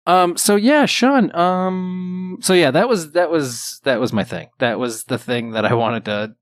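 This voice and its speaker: A man co-hosting a podcast in casual chat, ranting in an animated way and laughing often. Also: on the high side, measured pace, no room sound. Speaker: podcast co-host.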